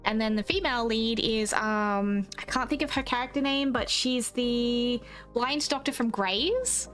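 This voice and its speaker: A young Australian woman streams a game to soft background music, chatting in a casual, rambling way with plenty of swearing and quotes of herself and others. Her voice sits on the high side with a fairly bright tone, and her pace is a little slow.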